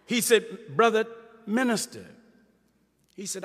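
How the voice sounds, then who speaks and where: A man, a minister giving a testimony sermon, who rises from storytelling into shouted preaching with quick asides to the audience. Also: extremely high pitch, animated. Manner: preaching, rising to shouts, call-and-response asides. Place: large hall before an audience. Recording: live hall with reverb, crowd behind.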